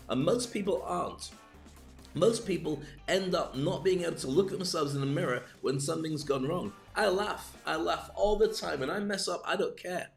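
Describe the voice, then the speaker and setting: Here the older livestream speaking coach is again jokey and animated, acting out small scenes and tossing in many asides. His voice sits on the high side with some vocal fry.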